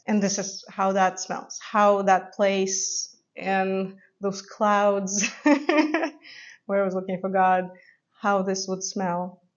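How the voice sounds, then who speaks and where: A woman's voice: medium pitch, muffled recording. A woman vlogger talking casually and dreamily about perfumes, with frequent fillers. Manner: soft, dreamy and descriptive, with many fillers. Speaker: fragrance vlogger. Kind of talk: casual fragrance review talk.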